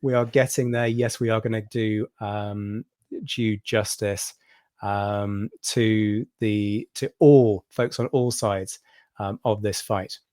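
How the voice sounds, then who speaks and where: A man's voice: on the low side, steady tone, slow pace, a little mellow, no echo, clean studio sound. A man hosting a history livestream, explaining a battle in detail with frequent ums and restarts. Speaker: history channel host.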